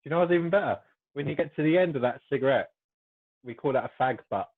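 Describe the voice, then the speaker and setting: A man from Essex, England, with a British accent, chatting as a podcast guest with wry, quick banter. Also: on the high side, lively intonation. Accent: British English. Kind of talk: casual podcast chat. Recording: tinny phone-like call audio.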